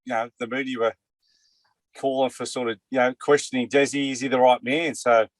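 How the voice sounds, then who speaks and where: A man's voice: medium pitch, little pitch movement, fairly quick, no echo. A man with an Australian accent, talking in a rambling way in a casual sports chat and saying "mate" and "you know" a lot. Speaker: co-host, former player.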